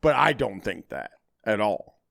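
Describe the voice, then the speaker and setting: A man hosting a casual podcast chat, reading online reviews aloud with dry, deadpan asides. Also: fairly low pitch, a little slow, creaky.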